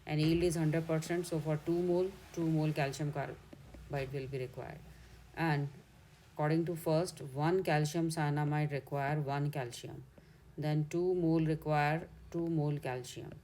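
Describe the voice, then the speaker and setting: A woman's voice: low voice, fairly even intonation, normal speed, dark tone. A woman with an Indian English accent, a chemistry teacher working step by step through exam answers and correcting herself as she goes. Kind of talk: exam solution walkthrough.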